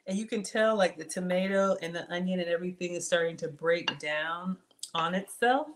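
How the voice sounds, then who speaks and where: A woman's voice: lowish voice, moderate pace. A woman chatting through a live cooking stream from her home kitchen, reading viewers' comments aloud and talking to them by name. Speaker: cooking channel host.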